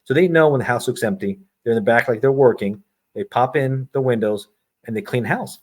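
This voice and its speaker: A man's voice: medium pitch, a little mellow. A middle-aged man, a retired federal agent, telling stories as a podcast guest and acting out the dialogue he quotes. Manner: brisk storyteller who acts out quoted dialogue. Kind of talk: storytelling in a podcast interview.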